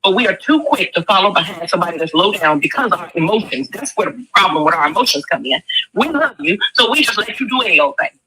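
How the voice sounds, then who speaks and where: A woman makes her case in a rapid stream. Her voice is bright and forceful, and she talks emphatic and preachy, full of rhetorical questions. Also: fairly low pitch, expressive, low-quality recording. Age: 40s. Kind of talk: impassioned commentary.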